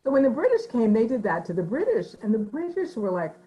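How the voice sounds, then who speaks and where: A woman author answering interview questions in an animated, thoughtful way, with frequent fillers, who slips into voices when quoting people. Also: on the high side, quick pace, lo-fi sound.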